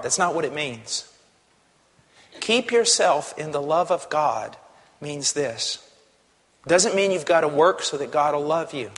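A male pastor preaching a sermon, passionate, dropping to a hush and then rising to a shout. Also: a little high, lively intonation, normal speed. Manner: impassioned, swings from hushed to shouting. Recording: long hall reverb.

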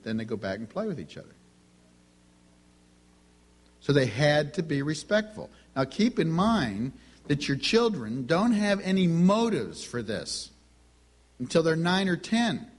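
A middle-aged male preacher with a husky, breathy edge to his voice. He tells homespun family anecdotes in the middle of a sermon. He slips into the dialogue of the people in each story as he goes. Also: fairly high pitch, very animated, a little slow, long pauses.

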